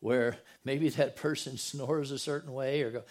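A man's voice: medium pitch, fairly even intonation, normal speed, few pauses. A man pastoring a church, preaching a sermon in a casual, joking way and asking his congregation questions. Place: church sanctuary.

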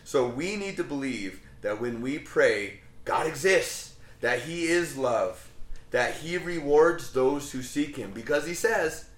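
A man's voice: medium pitch, expressive, slow, roomy sound. A man leading a Bible study, talking conversationally with rhetorical questions and frequent ums.

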